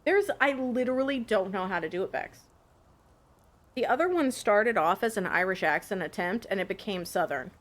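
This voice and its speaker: A woman streaming a game, chatting casually, excitable and prone to swearing. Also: medium pitch, moderate pace. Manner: excitable, laughing, swears freely. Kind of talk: casual live game commentary.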